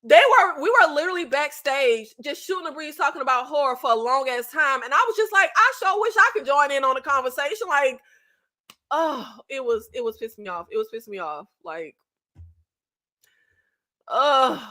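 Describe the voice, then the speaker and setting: High-pitched woman, bright voice, rambling live chat w/ subscribers, cusses a lot, lots of "like". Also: moderate pace. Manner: animated, swears freely, frequent fillers and restarts. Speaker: YouTube host.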